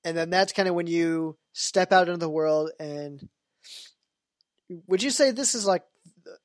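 A man's voice: a little high, measured pace, no room sound, studio quality. A man hosting a podcast, chatting casually and rambling with many fillers. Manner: rambling, full of "you know" and "like" fillers. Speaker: podcast host. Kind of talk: casual chat about a video game.

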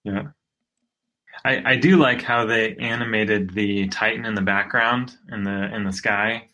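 A man's voice: on the low side, fairly even intonation, unhurried, sharp tone. A man co-hosting a podcast, chatting casually in a laid-back, hesitant way with short agreeing replies. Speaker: podcast co-host. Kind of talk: casual chat about a video game.

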